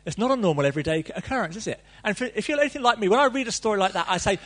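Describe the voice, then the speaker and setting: Male preacher, middle-aged, husky, lively sermon delivery with playful asides. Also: high voice, rapid-fire, hardly any pauses. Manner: reads scripture then riffs animatedly, playful asides.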